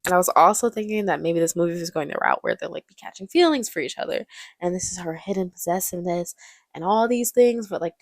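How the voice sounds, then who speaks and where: A woman's voice: fairly low pitch, gravelly, no room sound. Young woman, casual movie commentary, joking, dry close sound. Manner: joking, chatty, laughs often.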